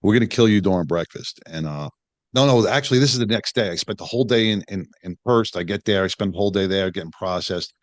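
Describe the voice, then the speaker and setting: A man's voice: on the low side, fast, no room sound. A middle-aged man, a podcast guest and retired police detective, telling a story bluntly and profanely, with many restarts and acted-out quotes. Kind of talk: candid storytelling in a podcast interview.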